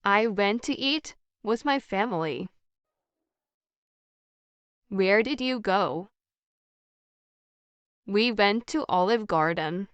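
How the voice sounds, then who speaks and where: A woman reading a scripted practice conversation in a slow, evenly paced, carefully articulated way. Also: medium pitch, a bit bright, clean tone, no room sound. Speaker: English practice dialogue voice.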